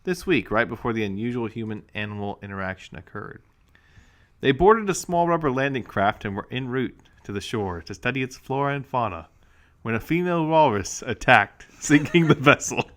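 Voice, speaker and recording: A man's voice: medium pitch, lively intonation, moderate pace, a bit bright. A man co-hosting a comedy podcast, reading news stories aloud with wry asides. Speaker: podcast co-host.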